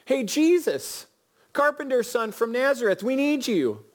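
A preacher acting out two desperate blind men who shout and plead for help. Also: male voice, very high-pitched, sing-song, unhurried, voice pushed up, heavily acted. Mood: calling out.

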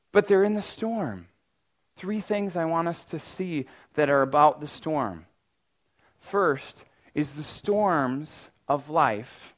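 With a fairly high pitch, a pastor gives a relaxed, conversational sermon. He frequently says "like," starts sentences over, and every so often breaks into loud, mock-panicked cries.

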